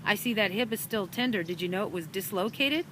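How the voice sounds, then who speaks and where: A woman's voice: mid-range voice, fairly quick, natural voice. Woman doing a soothing bird healer. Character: caring female bird healer. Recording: outdoor park with traffic noise.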